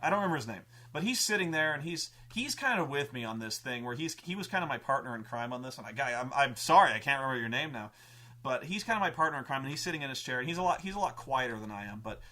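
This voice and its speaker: A man's voice: medium pitch, lively intonation, quick pace, pushed and bright. A man telling a tabletop gaming story in a casual, profane, rambling way, full of restarts and stammered repeats. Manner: profane and emphatic. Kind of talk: casual anecdote.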